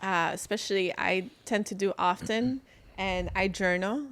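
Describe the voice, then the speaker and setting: A woman's voice: medium pitch, a little slow, fairly bright tone. A woman co-hosting a casual podcast, upbeat and steering the talk to the next topic. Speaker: podcast co-host. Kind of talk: casual chat.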